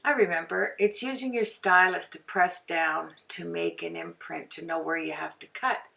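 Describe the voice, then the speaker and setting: A woman's voice: lowish voice, fairly even intonation, moderate pace, creaky, sharp tone, distant mic, faint music behind. A woman from Canada hosting a card-making tutorial, chatting as she works and often wandering off on tangents. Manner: chatty, rambling, goes off on tangents. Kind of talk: casual craft demonstration. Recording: voice from away from the mic.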